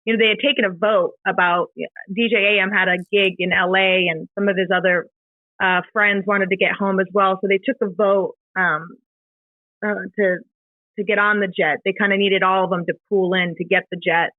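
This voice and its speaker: A middle-aged woman, a podcast guest, retelling a painful personal story in a halting, emotional way, with many fillers and restarts. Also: medium pitch, level tone, no room sound. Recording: dry, tinny phone-like sound.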